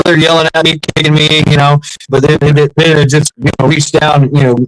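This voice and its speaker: A man's voice: on the high side, level tone, fairly quick, hardly any pauses, a bit bright, a little hiss or hum, poor audio. Rambling, profane veteran man. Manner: rambling, profane, many restarts and fillers. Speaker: podcast host, former Marine. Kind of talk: casual storytelling chat.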